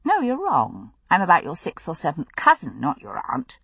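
A woman reading an audiobook, voicing a quick, sarcastic young woman in a lighter, brisker tone. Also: low-pitched, huge pitch swings, vocal fry, fairly bright tone, slightly rough, no echo, full character voice. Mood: drowsy, wry. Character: young woman, quick, sardonic, worried lover.

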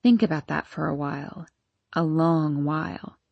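A woman voicing a deep, sultry scheming nurse. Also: vocal fry, slightly rough, no echo, highs cut off, heavily acted. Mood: coldly menacing. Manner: cold, demanding, measured. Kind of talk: audiobook character voice.

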